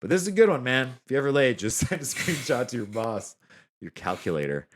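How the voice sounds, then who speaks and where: A young man co-hosting a podcast, telling stories in a relaxed, casual way with lots of "like". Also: mid-range voice, fairly quick, slight background noise. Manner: laid-back storyteller, says "like" often. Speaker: podcast co-host. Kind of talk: casual chat.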